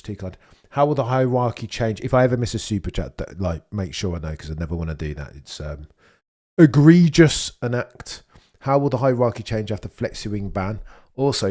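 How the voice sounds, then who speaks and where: A young man talks casually on a live stream. His voice sits a little low, and he chats freely as he reads out and answers viewers' messages. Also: darkish tone. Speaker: livestream host. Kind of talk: casual live watchalong commentary.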